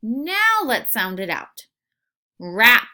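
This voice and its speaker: A woman teacher leads a recorded phonics lesson for young children. Her voice is bright and clear, sits a little high, and her pitch rises and falls a lot. She takes her time, sounding each word out patiently. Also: very animated. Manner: patient, sounds out words slowly, asks questions aloud.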